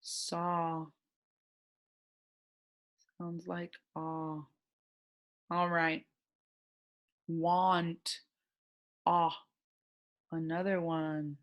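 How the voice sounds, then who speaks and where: Woman, phonics teacher for first graders, unhurried and encouraging, lowish voice. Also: level tone. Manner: slow, gentle and encouraging, sounding out words. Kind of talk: recorded online phonics lesson.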